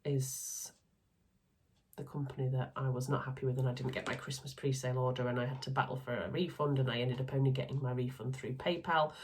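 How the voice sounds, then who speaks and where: A low-voiced woman from Yorkshire, England, chats casually as a sewing vlogger. She's upbeat and chatty, talking through her sewing makes with asides along the way.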